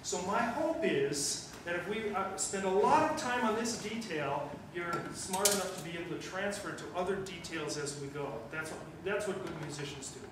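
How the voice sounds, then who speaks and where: A man conducting a school wind band rehearsal. He gives brisk, direct instructions, praises quickly, and counts and scats rhythms aloud to demonstrate. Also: sits high, expressive. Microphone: far room mic. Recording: echoey rehearsal room from far off, noisy.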